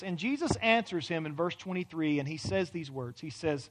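A man with a very high voice preaches a sermon in a church. He swings from loud, pleading questions down to hushed near-whispers as he acts out prayers. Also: animated, normal speed. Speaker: pastor. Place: church hall.

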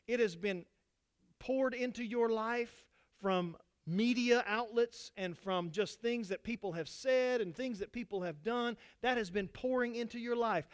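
A man preaching a sermon to his congregation as pastor, swinging between loud exhortation and quiet asides. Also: very high-pitched, clean tone.

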